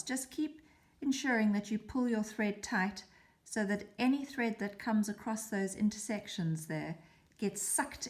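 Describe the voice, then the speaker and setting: A woman hosting a beading tutorial, calmly explaining each step as she works. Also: medium pitch. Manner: calm, chatty explaining while working. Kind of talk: step-by-step craft demonstration.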